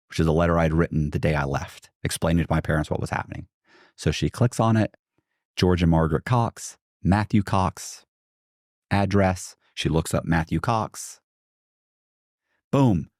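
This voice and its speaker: Deep-voiced man telling a story. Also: darkish tone, no room sound, studio quality. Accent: American. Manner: rambling, many restarts and asides. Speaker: podcast guest. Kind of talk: casual storytelling.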